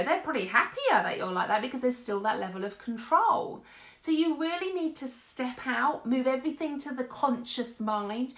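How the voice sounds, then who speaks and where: A woman's voice: fairly high pitch, a bit bright, roomy sound. A woman giving an earnest motivational talk, speaking directly to her listeners. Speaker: host.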